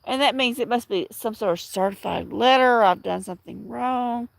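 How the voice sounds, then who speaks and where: A middle-aged woman talks casually to her livestream viewers from home, wandering from story to story with frequent restarts. Her voice has a gravelly fry to it, and the sound is close and dry with no room echo. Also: fairly high pitch, moderate pace. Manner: rambling, chatty storytelling with many restarts. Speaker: livestream host.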